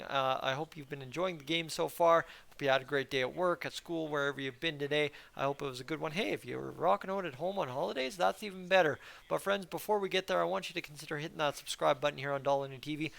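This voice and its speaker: A man's voice: a little high, creaky, fairly bright tone, clear, resonant tone. A young man hosting a casual fan commentary channel, rambling and chatty with a frustrated edge. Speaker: hockey fan channel host.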